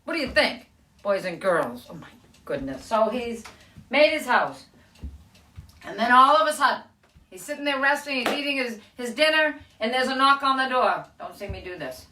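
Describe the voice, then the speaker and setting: A woman's voice: a little high, normal speed, far from the mic, a little hiss or hum. A middle-aged woman telling a story to children on a live video, asking them questions as she goes. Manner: animated, questioning the kids, gasps and laughs. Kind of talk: read-aloud storytelling for children. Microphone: live video stream. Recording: echoey room, away from mic.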